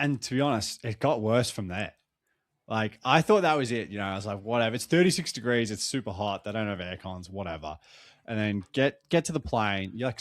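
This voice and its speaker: A man's voice: lowish voice, dry recording, studio quality. A young Australian man, tired after a long trip, telling stories in a casual chat, swearing freely as a podcast co-host. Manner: swearing, animated storytelling.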